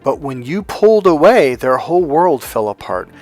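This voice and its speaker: A man's voice: fairly high pitch, big pitch swings, normal speed, darkish tone, faint music behind. A man giving a motivational talk as a relationship and healing coach, speaking emphatically and leaning on stories and rhetorical questions.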